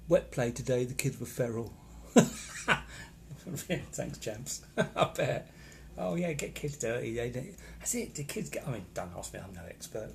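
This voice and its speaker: A man's voice: mid-range voice, big pitch swings, moderate pace, vocal fry, few pauses, a little mellow, a little hiss or hum. A man chatting casually on a live stream, rambling and reacting to viewer comments from a hotel room. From England. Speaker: vlogger reading live comments.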